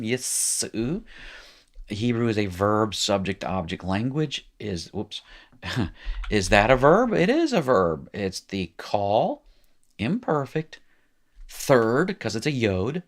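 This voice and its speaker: A man teaching a recorded language lesson, explaining patiently with small asides and encouraging the listener. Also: lowish voice. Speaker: Hebrew teacher.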